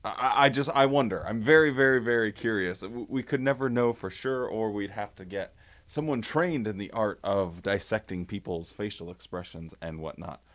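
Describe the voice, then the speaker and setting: A man's voice: on the low side, moderate pace, a bit bright. A man hosting a casual commentary video, rambling and wondering aloud as he talks.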